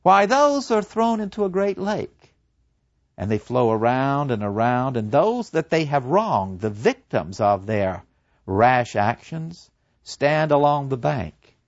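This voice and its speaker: A serene old philosopher facing his death, voiced by a man telling the story, preaching about the soul with earnest conviction. His voice swings widely in pitch, rising and falling with feeling. The sound is dull and muffled, close and dry. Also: very animated, slow pace, no echo. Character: serene old male philosopher awaiting execution. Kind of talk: dramatic storytelling.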